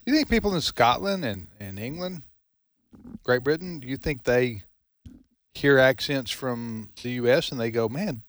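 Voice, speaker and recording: A man's voice: mid-range voice, expressive, normal speed, dry recording, clean studio sound. A man hosting a live talk radio show, chatting casually and asking his co-hosts questions. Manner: chatty, upbeat, asks questions. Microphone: studio microphone.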